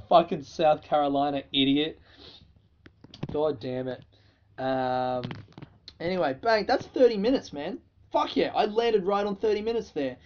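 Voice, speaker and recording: Laughing through his stories, an Australian man hosts his own podcast and tells them in a loose, casual, profane way as solo storytelling. His voice is a little high with a darkish tone, recorded with lo-fi sound.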